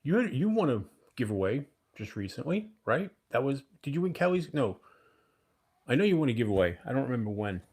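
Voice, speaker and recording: A man's voice: medium pitch, sing-song, fairly quick, darkish tone, breathy edge. A man in his fifties hosting a casual livestream, rambling and chatting with viewers. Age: 50s. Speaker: livestream host.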